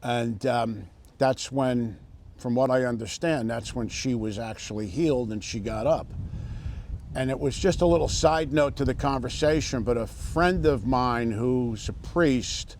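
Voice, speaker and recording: A middle-aged man telling a personal story in an interview, halting with many fillers and restarts. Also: mid-range voice, a little mellow, slight background noise. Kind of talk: casual interview testimony.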